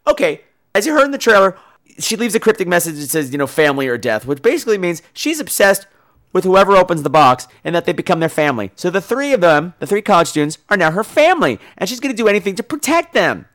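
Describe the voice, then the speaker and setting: Brief: male podcast host, high voice that swings wildly, sarcastic profane movie rant. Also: fast talker. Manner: animated, sarcastic, acts out characters.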